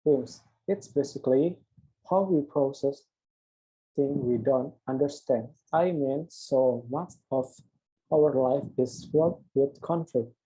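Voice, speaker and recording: Speaking slowly in a mellow, husky mid-range voice, a young male student voices both sides of an interview script for an assignment. He stumbles and restarts on words, and the recording is rough.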